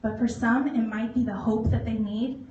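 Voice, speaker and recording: A motivational speaker in her thirties, her voice a bit high, shares her personal story with a live audience, animated and laughing readily as she does little voices. The muffled recording picks her up from far off in an echoey hall with faint noise beneath.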